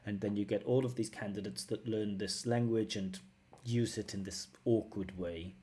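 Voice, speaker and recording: A man's voice: on the low side, steady tone, moderate pace, mellow. A man working as a language test examiner, giving analytical feedback and repeating phrases to model pronunciation.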